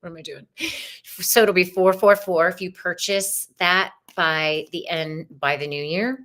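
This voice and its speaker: A woman's voice: on the low side, steady tone, measured pace, a bit bright. A woman hosting a live-stream tarot and astrology show, chatting casually and bubbly, greeting viewers by name.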